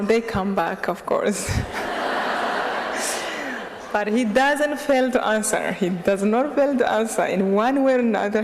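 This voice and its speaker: Woman from Rwanda, guest speaker, lively storytelling, laughs a lot, middle pitch, long hall reverb. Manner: lively, laughing often, acting out dialogue. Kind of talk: storytelling talk to a live audience. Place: lecture hall.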